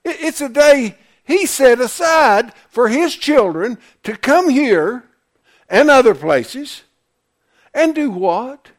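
A man's voice: extremely high pitch, big pitch swings, takes it slowly. A man preaching a sermon, emphatic, firing questions at the congregation. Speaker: pastor.

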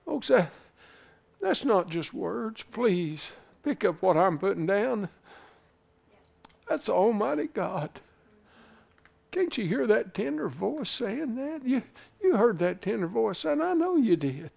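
A man preaching a sermon into a camera, swinging from loud shouting to hushed whispers and repeating phrases for emphasis. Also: sits high, big pitch swings, slow, vocal fry. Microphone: camera he speaks into.

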